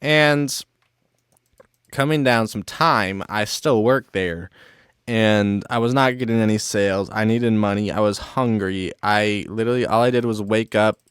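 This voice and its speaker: A young man with a lowish, smooth, clean-sounding voice tells a casual storytime. His speech rambles, heavy on "like" fillers and loose swearing. The sound is close and dry with no room echo. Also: measured pace, a bit bright.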